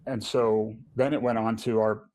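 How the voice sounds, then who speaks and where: A man's voice: fairly low pitch, level tone, normal speed, darkish tone. A middle-aged man giving a personal testimony in casual conversation, earnest, often restarting and repeating words. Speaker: podcast guest.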